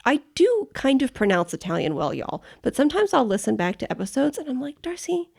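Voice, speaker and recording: Heavily gravelly American woman. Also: sits high, big pitch swings, a little fast, a little mellow. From United States. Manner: chatty, laughs easily. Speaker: podcast co-host. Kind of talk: casual travel podcast chat.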